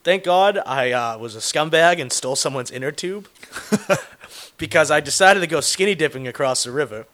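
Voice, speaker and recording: A man's voice: a little high, expressive, normal speed, a bit bright. A man telling a rambling, profane, self-mocking story in casual chat, laughing as he goes.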